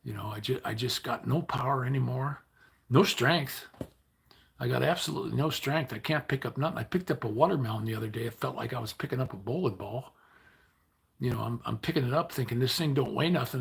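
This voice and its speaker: An older man chatting casually to his livestream viewers, weary and low on energy, rambling and grumbling with many restarts. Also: fast talker. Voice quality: gravelly, raspy. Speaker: livestream host.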